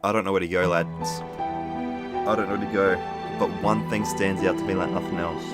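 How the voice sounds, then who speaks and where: A young man giving profane, shouting commentary on his own football video game career. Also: low voice, steady tone, brisk. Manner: swears a lot, shouts in frustration. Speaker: gaming YouTuber. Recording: game music behind.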